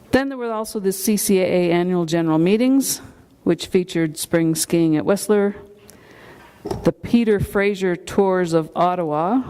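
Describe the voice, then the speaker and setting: A woman presenting a hall of fame inductee, reading a prepared introduction in a steady manner. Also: on the low side, clear, resonant tone. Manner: steady, reads a prepared text. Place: banquet hall.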